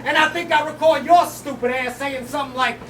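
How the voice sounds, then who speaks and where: A man rapping a battle verse at a live event, aggressive and mocking, shouting his punchlines. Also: extremely high pitch, fairly even intonation, fairly quick. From United States. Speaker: battle rapper. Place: live battle venue with crowd. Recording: distant mic, loud crowd noise.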